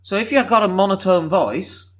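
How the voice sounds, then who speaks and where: A man from Leeds with a softened Northern English accent, rambling candidly through a solo podcast with the odd swear. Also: sits high, normal speed. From Leeds, England. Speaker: podcast host.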